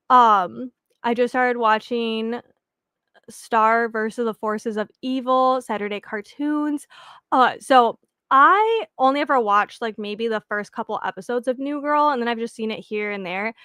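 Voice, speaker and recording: A woman's voice: a little high, fairly bright tone, no echo, studio quality. A young woman chatting casually with viewers as the host of a reading sprint stream, rambling and giggling with lots of fillers.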